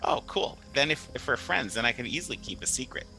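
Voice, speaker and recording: A naive, easily impressed adventurer who stammers out wide-eyed questions, as a man puts him on. The voice is piercingly bright and swings widely in pitch. Soft music plays faintly underneath. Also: big pitch swings, fast talker, gravelly, full character voice, poor audio. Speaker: player. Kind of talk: in-character tabletop role-play.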